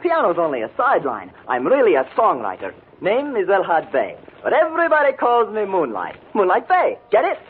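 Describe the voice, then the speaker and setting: A jive-talking young piano player. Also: male voice, high voice, fairly quick, hardly any pauses, slight background noise. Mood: chatty. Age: young adult. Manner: bouncy hipster slang, excitable. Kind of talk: 1940s radio acting. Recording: tinny old radio broadcast.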